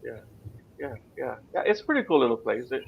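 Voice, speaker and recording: A man's voice: mid-range voice, sing-song, a little fast, creaky. Man, Texan accent, dull lo-fi mic, faint hum, filler-heavy casual host. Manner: loose, filler-heavy storytelling. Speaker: podcast host. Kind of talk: casual interview.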